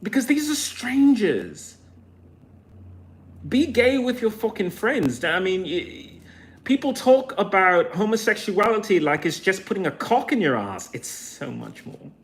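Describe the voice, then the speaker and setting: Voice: medium pitch, sing-song, a little slow. A vlogger in a casual rambling monologue, swearing often and wandering between thoughts while second-guessing themself. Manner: profane, meandering, self-questioning.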